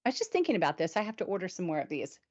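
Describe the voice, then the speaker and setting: Chatty, animated woman host with a lowish voice and dull, lo-fi audio. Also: rapid-fire. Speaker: show host. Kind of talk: casual weekly review chat.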